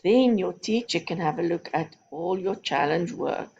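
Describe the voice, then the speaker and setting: A woman's voice: fairly low pitch, expressive, moderate pace, darkish tone, husky, muffled recording. A woman teaching a recorded phonics lesson to young children, giving patient, step-by-step instructions. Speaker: primary school teacher.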